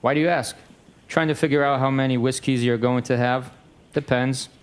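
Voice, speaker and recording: A man reading an exchange of text messages aloud in a flat, matter-of-fact way. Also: mid-range voice, normal speed, clear, resonant tone.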